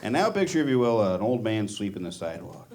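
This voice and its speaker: A male stand-up comedian with a deadpan, self-deprecating delivery and a lively, swinging pitch. He works a club stage, and a full audience laughs loudly around him. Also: fast, crowd noise.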